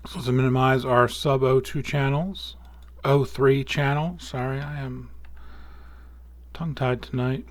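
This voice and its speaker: A man hosting an astrophotography tutorial, talking casually through software steps and correcting small slips as he goes. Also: medium pitch, measured pace, dry recording. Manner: relaxed, thinking aloud with small slips and self-corrections. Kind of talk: casual screen-recorded software walkthrough.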